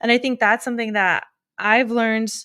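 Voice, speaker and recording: A woman therapist hosting a podcast, talking in a quick, upbeat, chatty way. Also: on the high side, steady tone, pushed and bright, clear, resonant tone. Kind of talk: casual conversational podcast chat.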